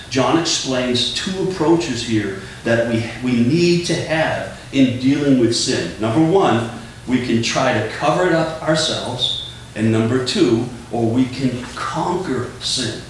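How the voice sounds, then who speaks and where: A man's voice: medium pitch, slow pace. A man preaching a sermon as pastor, earnest and emphatic, often repeating words as he drives a point home. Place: church sanctuary. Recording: echoey church room, distant mic, faint hum.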